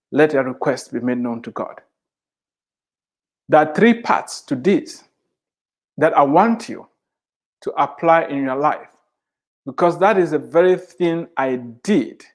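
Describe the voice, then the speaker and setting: Slow, emphatic male preacher. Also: fairly high pitch. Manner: repeats scripture lines for emphasis. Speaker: Christian author and speaker. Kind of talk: devotional sermon.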